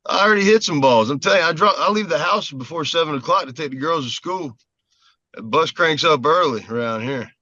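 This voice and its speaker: A man's voice: fairly high pitch, animated, brisk, pushed and bright, no room sound, muffled recording. A man from South Carolina, an easygoing former ballplayer chatting as a guest from a parked car. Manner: easygoing, laughs often. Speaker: guest, former baseball player. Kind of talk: casual interview.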